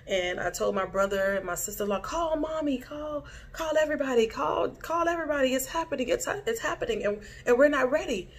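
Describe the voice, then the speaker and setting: A woman with a slightly low voice recounts a dream for her vlog. She rambles, stops and restarts, and fills the gaps with "um" and "like," in a loose, casual storytelling way. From Haiti. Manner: rambling, many fillers and restarts. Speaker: vlogger.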